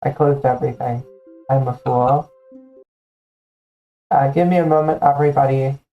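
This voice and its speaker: A woman's voice: very deep voice, fairly even intonation, normal speed, dull audio, faint music behind. A woman hosting a stream, chatting casually with a friend and joking playfully. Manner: playful, jokey banter. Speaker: streamer host. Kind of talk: casual chat on a game stream.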